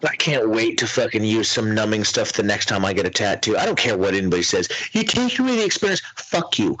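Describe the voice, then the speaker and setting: A man's voice: on the low side, fairly quick, fairly bright tone, no echo, rough recording. A man hosting a podcast, talking in a crude, mocking, profane casual chat. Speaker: podcast host.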